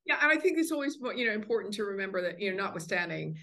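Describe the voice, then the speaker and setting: A woman's voice: mid-range voice, sing-song, rapid-fire, bright, forceful tone. A woman being interviewed as an author, upbeat and encouraging, talking in a loose casual way. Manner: upbeat and encouraging, many fillers. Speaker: guest, author.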